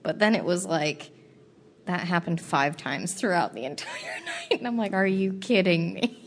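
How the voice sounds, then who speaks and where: A young woman co-hosting a casual podcast, telling travel stories with lively quoted dialogue and frequent swearing. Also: fairly low pitch, moderate pace. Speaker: podcast co-host. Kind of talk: casual chat.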